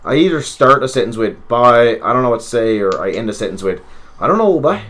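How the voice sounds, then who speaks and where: A young man from Newfoundland, Canada, with a Newfoundland English accent, talks fast in a lowish, fairly bright voice over slight background noise. Co-hosting a casual wrestling podcast, he tells rambling, profane, joking stories.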